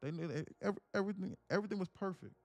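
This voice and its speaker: A man's voice: sits high, rapid-fire, a little mellow, dry recording, faint music behind. A young man telling an emotional story on a live stream, earnest and preachy, repeating himself, swearing casually and near tears. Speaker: day trading streamer.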